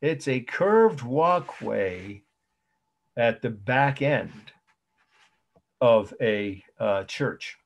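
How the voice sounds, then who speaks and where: A man lecturing on art history over a video call, slowly spelling out terms and repeating key points. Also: medium pitch, lively intonation, creaky. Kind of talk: online lecture.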